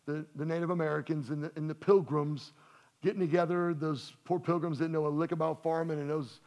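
A man preaching in a church sanctuary, telling jokes and talking to his congregation as if chatting with friends. His voice sits a little high for a man and has a gravelly edge. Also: steady tone, a little fast, darkish tone. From Louisiana. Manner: folksy, joking, conversational preaching. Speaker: pastor. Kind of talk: sermon.

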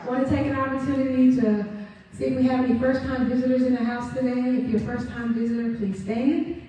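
A woman's voice: high voice, little pitch movement, quick pace, mellow, slight background noise. A woman leading a church service, upbeat and exclamatory, welcoming visitors and calling for amens from the congregation. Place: church sanctuary. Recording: echoey church hall, distant mic, congregation audible. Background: congregation responding.

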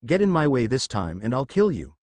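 A man's voice: medium pitch, very animated, brisk, a little mellow, dry recording. A man voicing a hot-headed male superhero leader with an angry, commanding delivery. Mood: enraged.

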